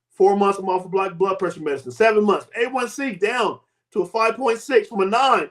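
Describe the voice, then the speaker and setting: His delivery runs a little fast as he shares a personal story; he's a fifty-something host and health coach whose voice rises and falls dramatically in pitch and loudness.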